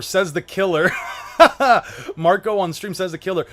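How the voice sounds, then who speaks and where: A young man with a notably high voice streams live to his chat. He swears freely, repeats himself, and stumbles through restarts as he talks. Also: a little slow, a bit bright. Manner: profane, repetitive, stumbling restarts. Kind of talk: livestream chat.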